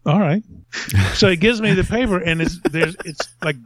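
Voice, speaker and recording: A man's voice: sits high, brisk, no echo. A middle-aged man hosting a podcast, telling a rambling, self-mocking story in a casual way and laughing at himself. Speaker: podcast host.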